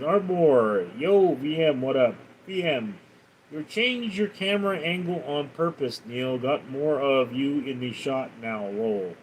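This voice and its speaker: A man's voice: medium pitch, expressive, unhurried, slight background noise, rough recording. A man hosting a live stream, casually reading out viewers' comments and answering them with chatty stories. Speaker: livestream host.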